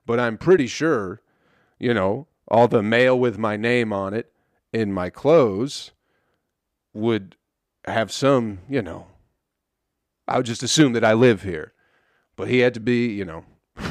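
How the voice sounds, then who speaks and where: A man's voice: fairly low pitch, slow, pauses often, dry recording, clean studio sound. A young man hosting a podcast, telling a story in a loose, casual monologue full of swearing. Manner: laid-back storytelling, swears often. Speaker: podcast host.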